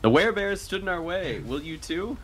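A man's voice: sits high, expressive, fairly quick, slight background noise, voice pushed up. A man putting on a swaggering male adventurer who makes rhyming threats in mock pirate speech. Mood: menacing bluster.

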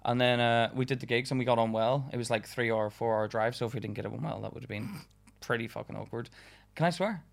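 A man's voice: mid-range voice, quick pace, creaky. A young man from England, a stand-up comedian guest chatting casually on a podcast, laughing often and swearing as he rambles through stories.

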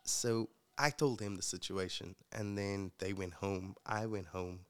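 A man's voice: sits low, steady tone, unhurried, clean tone. A man from Africa, telling his life story in a casual interview in an earnest, reflective way. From South Africa. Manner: earnest, reflective, with many fillers. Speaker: guest and future co-host.

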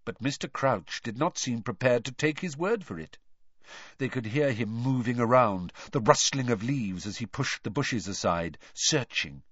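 A man narrates an audiobook with an animated, widely moving pitch and an expressive delivery. The recording is dry, with a dull, lo-fi tone. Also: moderate pace, breathy edge, no room sound. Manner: expressive, lively storytelling. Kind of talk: audiobook reading.

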